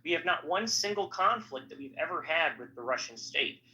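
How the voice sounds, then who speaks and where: A man's voice: fairly high pitch, expressive, normal speed, sharp tone. A man talking politics in a rambling, profane, casual podcast chat. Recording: slightly dull audio with faint background noise.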